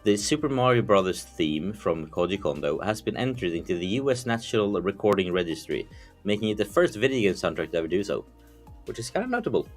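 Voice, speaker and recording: A man with a fairly low voice chats about gaming news, winding through long sentences packed with "like" and "uh". His delivery is loose and casual. Faint music plays in the background. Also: lively intonation, brisk. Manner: rambling, lots of "like" and "uh" fillers. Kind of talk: casual panel chat.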